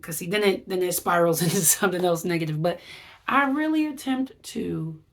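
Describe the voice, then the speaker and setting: A woman's voice: lowish voice, moderate pace. A woman wellness vlogger giving a chatty, rambling recap, acting out her reactions as she talks. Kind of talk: casual vlog recap.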